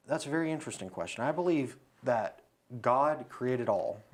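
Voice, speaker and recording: A man's voice: medium pitch, lively intonation, moderate pace. A man as a podcast guest, talking through philosophy and telling a story in a casual conversation, recorded in a studio.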